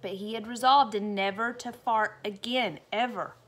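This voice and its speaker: A woman's voice: mid-range voice, steady tone, normal speed, fairly bright tone. A woman reading a picture book aloud to children, playful and chatty, stopping for asides.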